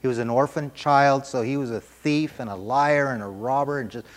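A man preaching a sermon, telling a story with animated, emphatic repetition. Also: medium pitch, normal speed, in a large hall.

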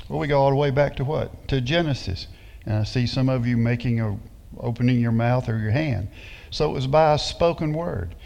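A man preaching a sermon as pastor, reading scripture slowly and emphatically and putting rhetorical questions to his congregation. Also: mid-range voice, vocal fry, darkish tone, big-room sound, highs cut off.

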